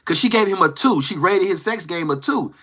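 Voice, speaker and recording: Brief: slangy male storyteller, voice a bit high, sharp and forceful, acts out others' lines. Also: expressive, fairly quick. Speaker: live-stream host. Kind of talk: casual storytelling.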